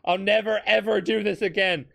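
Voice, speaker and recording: A man voicing a sniveling, cowardly grown man who begs in a whiny, rapid, pleading way. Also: high-pitched, fairly even intonation, vocal fry, a bit bright, voice pushed up. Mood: begging.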